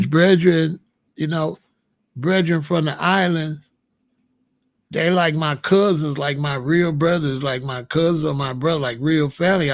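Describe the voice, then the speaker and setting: A middle-aged American man hosting his own show, telling stories in an animated, rambling way and repeating phrases as he goes. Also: a little high, creaky, dry recording. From United States. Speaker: host. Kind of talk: casual storytelling chat.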